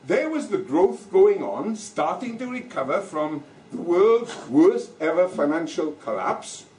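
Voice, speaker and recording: A man's voice: high-pitched, very animated, measured pace, darkish tone. An older man giving a comic political speech with no microphone, mocking and punchy, playing for laughs before an audience. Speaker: political speaker. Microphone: no microphone, recorded from far off. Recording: echoey hall from far off, noisy.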